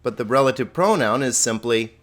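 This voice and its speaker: A man's voice: mid-range voice, animated, a little fast, fairly bright tone. Patient male Greek teacher. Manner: patient, repeats and restarts words while explaining; holds a cat while teaching. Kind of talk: recorded grammar lesson.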